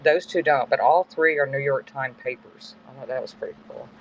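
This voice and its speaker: A man's voice: medium pitch, a little fast. A middle-aged man hosting a live-stream auction from his home, chatting casually in a rambling, self-correcting way. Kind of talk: casual live-selling chat. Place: home in the woods. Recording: dull lo-fi phone stream with faint background noise.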